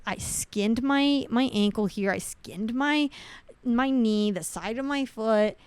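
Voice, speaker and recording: High-voiced chatty woman, dry studio. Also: slow pace, clear, resonant tone, no echo. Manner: animated storyteller acting out quotes, laughs often. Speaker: podcast co-host. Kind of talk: casual chat.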